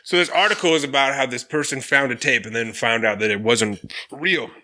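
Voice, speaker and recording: Bright-voiced swearing podcast co-host. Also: male voice, mid-range voice, a little fast. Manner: animated storyteller, swears a lot, acts out quotes. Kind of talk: casual chat.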